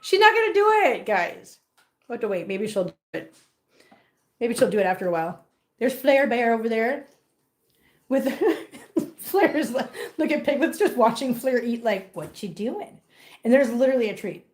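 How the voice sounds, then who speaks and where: A woman's voice: a little high, normal speed, long pauses, darkish tone. A woman hosting a casual livestream at home, baby-talking to her cats and chatting with viewers. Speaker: host of a cat-care livestream.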